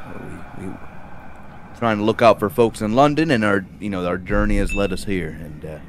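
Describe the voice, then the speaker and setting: Man, tabletop player, in character, polite, stammering, lowish voice, faint noise. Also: brisk. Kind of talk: in-character tabletop role-play.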